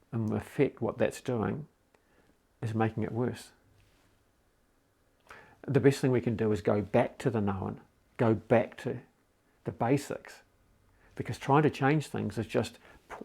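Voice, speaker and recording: A middle-aged man with a low, gravelly voice gives a gentle support talk straight to the listener. His tone is dark and husky, and he is calm and reassuring as he speaks. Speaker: mental health support speaker.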